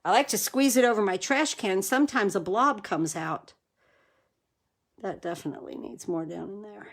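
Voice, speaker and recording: A woman's voice: medium pitch, moderate pace. Woman, crafting demonstrator on a live stream, chatty and enthusiastic, talks viewers through each step. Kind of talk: live card-making demo.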